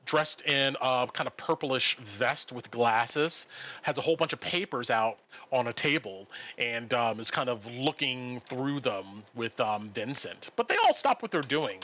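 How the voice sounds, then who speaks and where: A man's voice: medium pitch, dull audio. A man narrating as game master in a live-streamed tabletop game, with plenty of "um"s between descriptions. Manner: animated narration with frequent "um"s.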